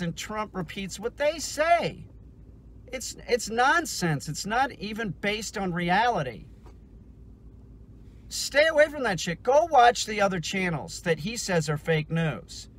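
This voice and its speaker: Profane, heated man with a high voice. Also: fairly bright tone. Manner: profane, heated, repetitive restarts. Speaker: dog trainer vlogger. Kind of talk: casual ranting vlog.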